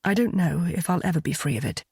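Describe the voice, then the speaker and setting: A woman voicing a brooding aristocratic earl who speaks in a measured, somber, regretful way in a romance audiobook. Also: on the low side, creaky, a little mellow, slightly rough, dry recording, studio quality, heavily acted.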